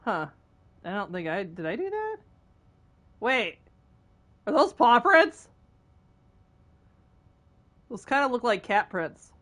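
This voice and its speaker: A woman's voice: medium pitch, big pitch swings, a little slow, long pauses, fairly bright tone. A woman game streamer chatting casually with her viewers as she plays, giggling often and teasing playfully. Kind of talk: casual chat while gaming.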